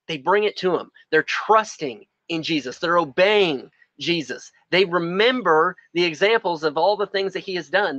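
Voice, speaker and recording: A man's voice: on the high side, a bit bright, no echo, highs cut off. A man preaching a sermon outdoors, earnest and repeating phrases for emphasis. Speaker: pastor. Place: outdoors in the sun.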